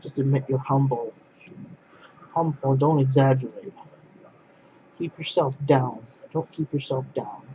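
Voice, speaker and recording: Man, blunt casual rant, repeats himself, medium pitch, dull lo-fi sound, faint hiss. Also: measured pace, long pauses, mellow. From Poland. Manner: blunt, repetitive, restarts phrases. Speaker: vlogger. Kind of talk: casual ranting monologue to camera.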